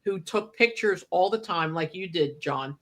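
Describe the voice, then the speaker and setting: A woman's voice: lowish voice, unhurried. A woman co-hosting a radio show, telling stories in casual chat and acting out the quotes. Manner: animated storyteller, acts out quotes. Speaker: radio co-host.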